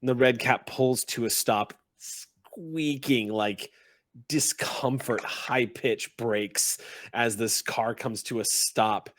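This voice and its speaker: A man narrating a tabletop game as game master, in a relaxed, loose way. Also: mid-range voice, takes it slowly, dry recording, clean studio sound.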